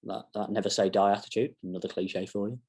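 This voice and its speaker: A man's voice: lowish voice, fairly even intonation, quick pace, darkish tone, slightly rough. A young man giving a casual football match reaction to camera, rambling with self-mocking asides. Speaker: fan channel presenter.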